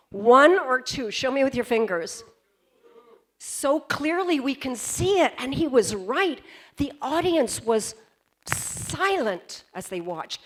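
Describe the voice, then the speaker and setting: A woman giving a storytelling keynote at a convention, pausing for effect and putting questions to the audience. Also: high-pitched. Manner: dramatic pauses, questions to the audience. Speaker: keynote speaker. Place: convention stage.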